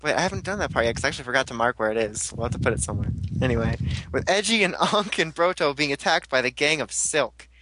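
A young man hosting a casual podcast, recapping an episode with jokes and quick character impressions. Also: mid-range voice, expressive, noisy background. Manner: jokey, quick voice impressions of characters, laughs a lot. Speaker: podcast host recapping a show.

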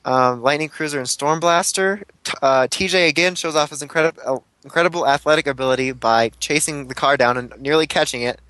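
Casting: rambling, foul-mouthed male podcast host with a slightly high voice, bone-dry close recording. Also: a little fast, hardly any pauses, bright, forceful tone, dry recording, rough recording. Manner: rambling, swears casually, many fillers. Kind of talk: casual recap chat.

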